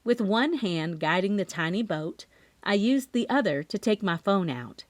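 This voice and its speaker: A woman's voice: medium pitch, measured pace, no echo. A woman narrating a cozy mystery audiobook in the first person, as a scripted reading. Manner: expressive first-person storytelling.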